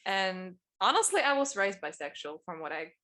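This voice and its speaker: A woman co-hosting a casual podcast chat. Her pitch sits in the middle, and her talk is loose and easygoing. She rambles and often trails off mid-thought as she searches for what to say. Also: sing-song, moderate pace, pushed and bright. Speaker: podcast co-host.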